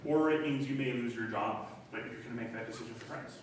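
A middle-aged man preaching a sermon as pastor, animated and acting out voices in the quoted dialogue. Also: medium pitch, fast talker. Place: church hall. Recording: echoey room from a distance, faint noise.

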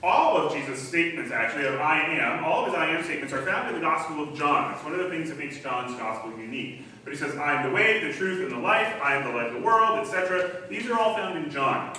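A man delivers a sermon from the front of a church, explaining scripture in an easy, conversational teaching manner. His voice sits high and bright. The sound carries a heavy echo from the hall, picked up from some distance. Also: lively intonation, quick pace, few pauses, a little hiss or hum. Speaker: pastor. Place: church sanctuary. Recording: echoey hall, distant mic.

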